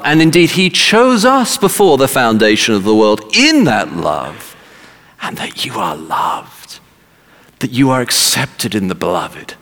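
A man's voice: medium pitch, fairly bright tone, long reverb tail. A man preaching a sermon emphatically, repeating words for stress.

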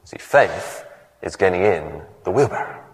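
A man's voice: sits low, lively intonation, unhurried, big-room sound. A man preaching a sermon who tells stories and acts out the voices in them. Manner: storytelling, acts out voices in the anecdotes.

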